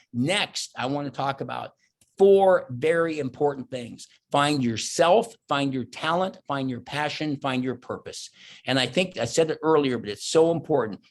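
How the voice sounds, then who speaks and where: A middle-aged man giving a motivational keynote, telling stories and acting out his own thoughts and quotes. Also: medium pitch. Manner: animated storyteller, voices his own inner thoughts and quotes. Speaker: keynote speaker. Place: virtual conference talk.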